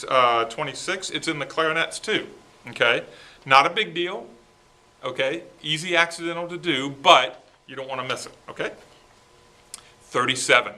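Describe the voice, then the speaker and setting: Bright-voiced man coaching a school band. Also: a little high. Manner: coaching, sings parts with syllables; keeps checking in with okay. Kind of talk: rehearsal instruction.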